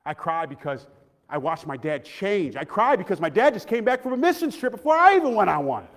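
A man preaching an emotional, heartfelt sermon, often dropping to a soft voice. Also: high voice, big pitch swings, a little fast. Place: church sanctuary. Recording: long reverb of a large hall.

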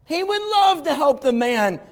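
A man voicing an eager little servant girl who gushes in excited, breathless chatter, his voice pushed up high. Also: unhurried. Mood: gushing.

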